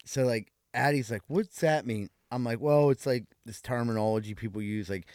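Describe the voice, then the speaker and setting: A man's voice: mid-range voice, normal speed, darkish tone, no echo, studio quality. A man telling a story and ranting in casual podcast chat. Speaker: podcast co-host.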